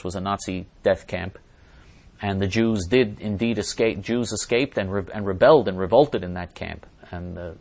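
Male talk host, lowish voice; reads out viewer messages and answers them with blunt indignation. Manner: blunt and indignant, with frequent restarts. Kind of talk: opinionated monologue reading viewer comments.

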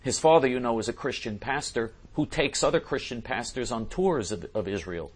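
A man giving a political commentary monologue, emphatic and repetitive, who often clears his throat. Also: medium pitch, animated, normal speed.

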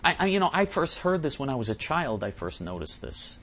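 Brief: man hosting a talk show, mid pitch, emphatic, repeats his points. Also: sing-song, fairly quick, fairly bright tone, breathy edge. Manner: emphatic and repetitive. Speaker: radio host answering listener mail.

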